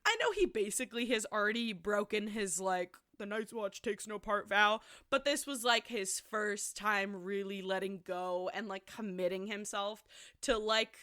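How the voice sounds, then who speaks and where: A woman's voice: mid-range voice, lively intonation, normal speed, fairly bright tone, no echo. A young woman co-hosting a casual book podcast, talking emotionally with lots of "like", close on a popping mic, tearful. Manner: emotional, filler-heavy with frequent "like". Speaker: podcast co-host. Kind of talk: casual book discussion chat. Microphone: close studio mic with pops.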